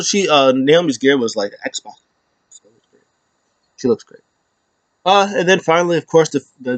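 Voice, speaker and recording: A man talking loosely through a wrestling recap, his voice sitting in a middle range. He wanders from point to point with plenty of "uh"s and breaks into squeaky, over-the-top quotes. The sound is dry and close, with no room echo. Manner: loose and rambling, many fillers, acts out quotes with sudden high-pitched squeals. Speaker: wrestling show host. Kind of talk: casual recap commentary.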